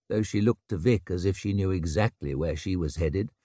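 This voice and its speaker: A man narrating a fantasy audiobook in a measured, scripted way, recorded close to the mic. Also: low-pitched, warm tone, no room sound. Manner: measured, unhurried.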